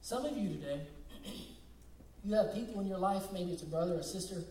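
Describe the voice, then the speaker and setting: A man's voice: high voice, moderate pace, mellow, reverberant, far from the mic, slight background noise, rough recording. A young man preaching a sermon as pastor, switching between conversational storytelling and emphatic points.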